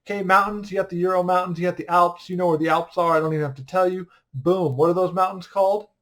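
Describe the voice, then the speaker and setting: A man's voice: high voice, steady tone, quick pace, fairly bright tone. A man teaching an online history class in a casual, upbeat way, joking and quizzing his students as he goes.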